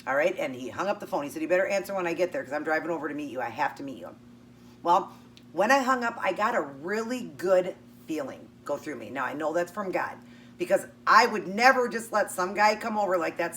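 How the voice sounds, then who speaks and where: A woman's voice: on the low side, expressive, brisk, a bit bright. Lady vlogger spinning a long story, acting out the dialogue, mic a bit far off. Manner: chatty, acts out both sides of the dialogue. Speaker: keto vlogger. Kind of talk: casual storytelling while eating. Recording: distant mic with faint hum.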